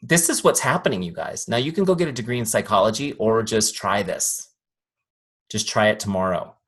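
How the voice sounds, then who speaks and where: Male trainer, husky voice, energetic and chatty, talks to a live room. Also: on the low side, brisk. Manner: lively, acts out quoted voices, asks audience questions. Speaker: sales trainer.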